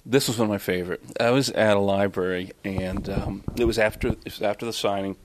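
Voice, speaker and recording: A man's voice: fairly low pitch, steady tone, fairly quick, background noise. A man from Florida, an author telling anecdotes to an audience at a book talk, rambling with many fillers and restarts. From Florida, USA. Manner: rambling, self-interrupting, many fillers, chuckling. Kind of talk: casual live storytelling to an audience.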